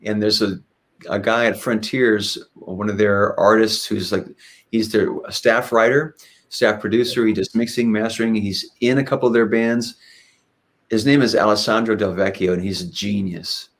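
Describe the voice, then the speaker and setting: A guest musician who sings and plays guitar tells stories in a relaxed interview, his lowish voice moving at a moderate pace. He rambles, restarting often and leaning on fillers, but turns lively whenever he retells an anecdote.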